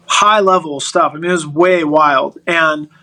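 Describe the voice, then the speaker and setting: Middle-aged male guest, high and bright, animated storyteller who restarts his sentences. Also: measured pace, low-quality recording. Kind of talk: personal storytelling in a podcast interview.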